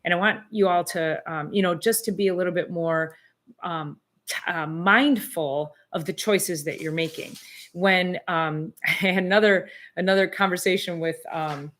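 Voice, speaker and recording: Chatty middle-aged woman, lowish voice. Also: moderate pace. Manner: chatty, rambling, frequent fillers and restarts; animated, exclaims in disbelief. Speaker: chiropractor hosting a live Q and A. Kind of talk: casual live-stream chat.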